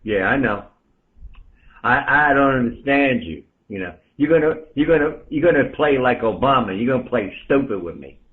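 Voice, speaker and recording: A man's voice: mid-range voice, lively intonation, moderate pace. A man from the Bronx, a ham radio operator, ranting bluntly on air and calling out listeners by name. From the Bronx, New York. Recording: tinny radio transmission.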